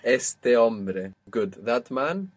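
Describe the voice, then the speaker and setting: A man explains grammar in a steady mid-range voice during a one-to-one lesson. He is patient and methodical, and he slows down to spell out and model words for his student. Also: mid-range voice. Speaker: language teacher. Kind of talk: one-to-one spoken language lesson.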